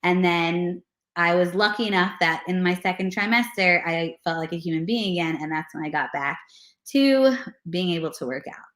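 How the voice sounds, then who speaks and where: A woman's voice: lowish voice, normal speed, roomy sound. A pregnant woman, a personal trainer, talking casually and earnestly in a video interview, with lots of "like" and "you know". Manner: earnest, animated, many fillers like "like" and "you know".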